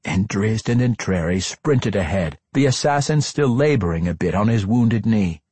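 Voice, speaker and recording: A man narrating a fantasy audiobook in an expressive, dramatic reading with character voices. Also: on the low side, normal speed, husky, dry recording.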